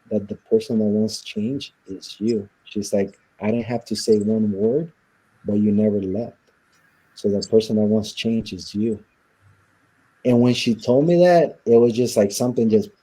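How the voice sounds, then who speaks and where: Low dark-voiced man telling his story. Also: slightly rough. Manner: casual, storytelling with many quoted exchanges and fillers. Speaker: interview guest.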